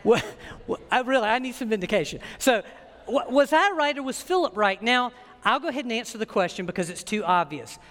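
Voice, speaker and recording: A man preaching a sermon as pastor, telling stories in a joking, animated way. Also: very high-pitched, brisk, big-room sound. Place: church sanctuary.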